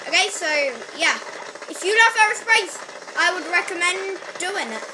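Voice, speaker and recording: A woman giving excitable live gameplay commentary and reacting loudly to the game. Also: extremely high pitch, moderate pace, noisy background. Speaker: gaming channel host. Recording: loud game music behind voice. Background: loud video game music.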